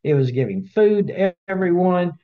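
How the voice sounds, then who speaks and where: A man teaching a Bible study in a casual webinar, his voice sitting a bit high and swinging widely as he tells the story. He acts out the characters along the way, and the lo-fi audio sounds dull. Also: lively intonation, moderate pace.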